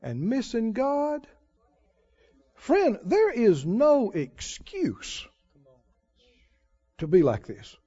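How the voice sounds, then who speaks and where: A man preaching with a very high voice and a slow, deliberate pace. He swings his pitch widely from phrase to phrase. The muffled, lo-fi recording takes the top off his sound. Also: husky. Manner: animated preaching, mimics wailing prayers. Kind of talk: sermon.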